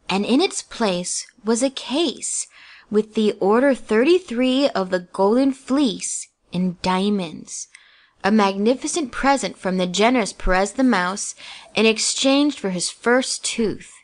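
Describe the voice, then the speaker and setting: Gentle woman reading a storybook. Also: a little high. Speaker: narrator. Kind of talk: scripted storybook narration.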